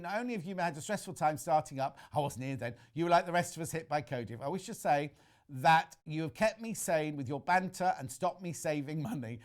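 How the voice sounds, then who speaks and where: A man presenting a live shopping channel broadcast, chatting as he reads out viewer messages with quick asides. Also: fairly high pitch. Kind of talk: live TV sales chat.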